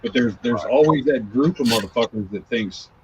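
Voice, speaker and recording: A man's voice: medium pitch, moderate pace. A man chatting casually and profanely. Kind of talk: casual chat. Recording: dull lo-fi with faint noise.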